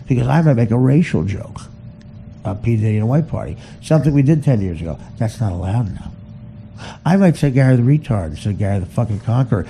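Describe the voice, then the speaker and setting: A man ranting in a profane comic style, laughing at his own jokes and dropping to a hushed near-whisper when confessing. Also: medium pitch, lively intonation, fast talker, slight background noise, rough recording. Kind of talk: profane comedic rant.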